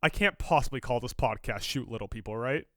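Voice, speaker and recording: A man's voice: mid-range voice, a little fast, a bit bright, no echo, clean studio sound. A man co-hosting a podcast in casual chat, teasing his co-host and cracking jokes. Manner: teasing, wisecracking.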